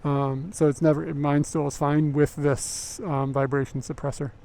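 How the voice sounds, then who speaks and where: A man's voice: a little high, flat delivery, moderate pace, dark tone. A young man live-streaming a night motorbike ride, chatting casually and rambling with lots of fillers, recorded on a mic mounted inside his helmet. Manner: rambling and chatty, many fillers, laughs easily. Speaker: livestreamer. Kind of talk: casual live-stream chat while riding. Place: outdoors on a motorbike at night in city streets. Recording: faint traffic noise behind.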